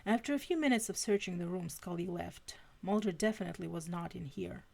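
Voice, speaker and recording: A woman's voice: fairly low pitch, fairly quick, vocal fry, a little mellow. A woman reading fanfiction aloud on a live stream, stumbling and restarting now and then. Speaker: fanfiction reader.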